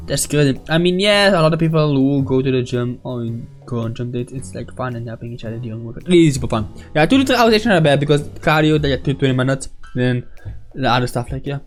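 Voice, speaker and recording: A man streaming a casual reaction to a video, excitable and laughing often, talking to his viewers. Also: mid-range voice, quick pace, soft background music. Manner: excitable, laughs a lot, talks to chat as "bro" and "guys".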